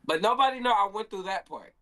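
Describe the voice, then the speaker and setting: A man's voice: sits high, animated, fast talker, a bit bright. A young man, a handball player, telling a story in a casual stream Q&A and acting out his own quotes.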